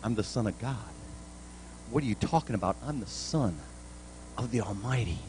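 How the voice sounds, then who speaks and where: A pastor acting out Jesus as quietly astonished and incredulous, in a lowered voice. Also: male voice, expressive, normal speed, slight background noise, natural voice, low-quality recording.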